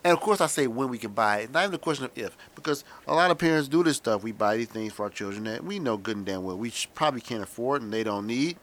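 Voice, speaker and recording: A man hosting a podcast, delivering a sarcastic, profane comedic monologue that swings between loud emphasis and muttered asides. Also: medium pitch, lively intonation, fast talker, hardly any pauses. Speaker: podcast host.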